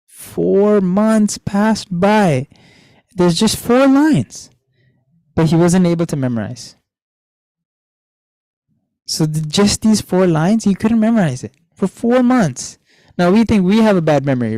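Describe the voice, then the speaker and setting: Young guy teaching kids online, slightly high, mellow voice, keeps asking questions. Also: dry recording, poor audio. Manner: asks the kids questions and repeats key lines. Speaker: Dhamma teacher for children. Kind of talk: storytelling lesson to kids. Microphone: online class.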